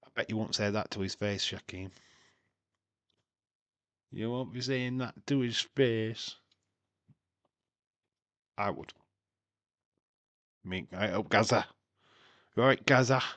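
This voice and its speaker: A man's voice: on the low side, takes it slowly, pauses often, a bit bright. A man hosting a live watch-along stream, chatting casually, laughing and making puns. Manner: chatty and jokey, laughing at his own puns. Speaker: livestream host.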